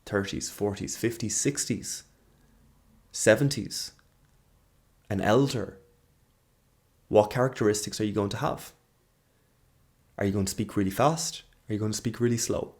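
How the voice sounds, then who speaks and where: A man's voice: fairly low pitch, measured pace, long pauses, a little mellow. A man in his thirties giving a reflective monologue as host, earnest and searching, often trailing off and restarting. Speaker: podcast host.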